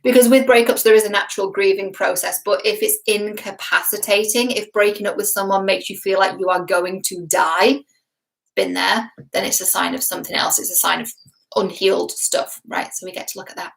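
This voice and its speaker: Woman coach, casual to-camera vlog, affectionate and playful, middle pitch. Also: steady tone, a little fast, creaky, poor audio. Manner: warm, chatty, affectionate, playful. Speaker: dating and love coach.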